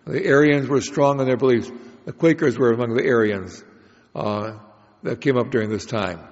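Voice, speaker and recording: A man giving a prepared Bible lecture in a measured, explanatory way, with occasional restarts. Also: mid-range voice. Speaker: Bible study speaker. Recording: dull lo-fi recording in a reverberant hall.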